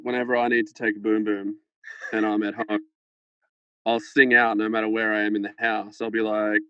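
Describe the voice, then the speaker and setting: A man's voice: lowish voice, pushed and bright, dry recording, lo-fi sound. A man guest on a podcast, telling a rambling, swear-filled anecdote in casual chat over a phone held close to his head. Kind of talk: casual storytelling. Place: farmhouse.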